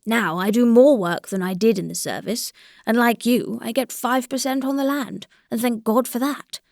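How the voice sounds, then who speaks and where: A woman reading the lines of an old grey-whiskered country landowner, speaking in a measured, reflective and mildly complaining way, in a dry recording. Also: on the high side, gravelly, darkish tone, dry recording.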